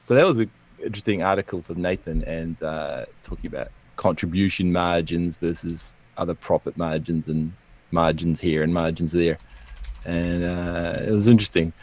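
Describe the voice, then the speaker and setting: Male co-host, low register, rambling and self-correcting, casual chat. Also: steady tone, moderate pace, a little mellow. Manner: rambling, self-correcting, chuckles at own jokes. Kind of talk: casual chat, then reading a comic poem.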